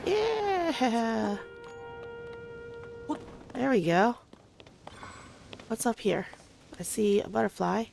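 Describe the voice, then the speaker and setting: A woman with a Philadelphia and South Jersey accent, chatting casually and thinking out loud while streaming a video game. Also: medium pitch, unhurried, gravelly, pauses often, soft background music. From Philadelphia, then southern New Jersey. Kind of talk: casual gameplay commentary.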